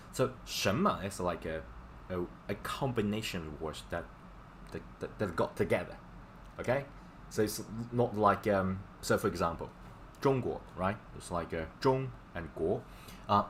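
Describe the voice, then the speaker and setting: Lowish-voiced man teaching Chinese casually. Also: fairly bright tone, slight background noise. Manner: casual, filler-heavy explaining, repeats words for drilling. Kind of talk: live-stream language lesson.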